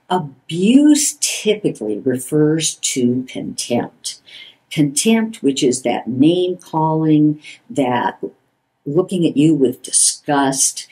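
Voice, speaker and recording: An older woman therapist explaining relationship patterns in a measured way, acting out the quoted lines. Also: low voice, a little mellow, rough recording. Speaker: couples therapist. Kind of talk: explanatory talk.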